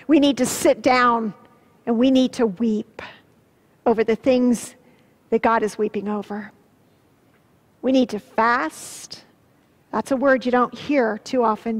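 A woman pastor giving an earnest sermon, swelling with emphasis and dropping low and soft on solemn words. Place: church sanctuary. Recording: long church-hall reverb.

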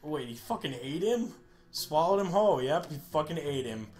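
A man's voice: on the high side, animated, moderate pace, darkish tone. A man giving casual let's-play commentary, swearing and joking while he retells a story in the game. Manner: profane, joking, paraphrasing. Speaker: gaming streamer.

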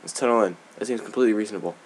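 A man's voice: lowish voice, racing, a little hiss or hum. A young man giving casual, rambling gameplay commentary, giggling often and tossing in sarcastic asides. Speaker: let's play gamer.

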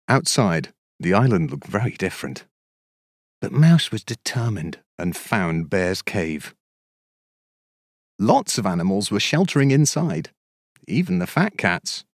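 A male narrator reading a children's storybook slowly and with a lively, swinging pitch. His voice sits a little low, and his delivery is measured and sing-song. The recording is dry and close to the mic. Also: no echo.

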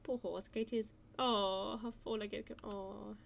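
A woman giving casual let's-play commentary, excitable and gushing, cooing over cute animals. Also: mid-range voice, slow pace, vocal fry, faint music behind. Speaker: gaming channel host.

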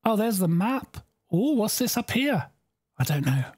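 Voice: medium pitch, very animated, a little slow, darkish tone, slightly rough. A game streamer gives bemused live commentary, thinking aloud and exclaiming at what happens.

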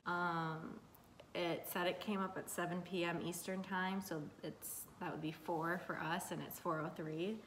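A woman's voice: level tone, measured pace, fairly bright tone. A young woman chatting casually in a vlog, nervous and full of fillers as she opens decisions at home. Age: young adult. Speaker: vlogger. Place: home room. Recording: echoey room with faint rumble.

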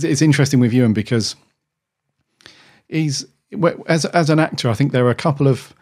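A man with a mid-range, somewhat dark-toned voice co-hosts a podcast, chatting casually. He rambles, restarting his sentences many times.

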